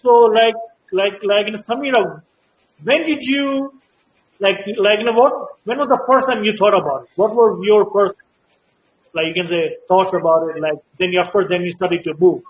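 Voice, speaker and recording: A man's voice: high-pitched, moderate pace, slight background noise. A man hosting an interview, asking questions in a rambling way full of fillers. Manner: rambling, many "like" and "you know". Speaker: talk show host. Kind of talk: casual interview chat. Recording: dull lo-fi audio.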